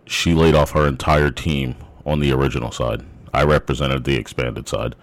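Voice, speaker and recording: A man's voice: very deep voice, steady tone, normal speed, no echo. A young adult man casually recounting a work story, rambling with frequent restarts.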